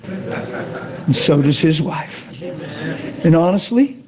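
A man preaching a sermon, telling stories dramatically, sinking to a whisper and then rising to excited peaks. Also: a little high, slow, crowd noise.

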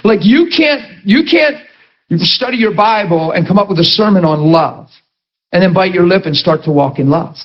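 A middle-aged pastor preaches in a chatty, animated way, mixing humorous stories with rhetorical questions to his listeners. His voice sits high for a man. The recording sounds dull and lo-fi. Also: moderate pace.

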